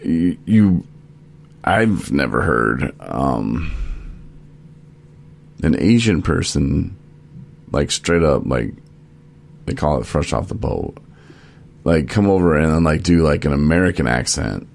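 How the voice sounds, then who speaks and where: A man's voice: extremely low pitch, expressive, slow, creaky, long pauses, a little mellow. A man hosting a podcast in a studio, chatting casually and rambling with many fillers and restarts. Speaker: podcast host.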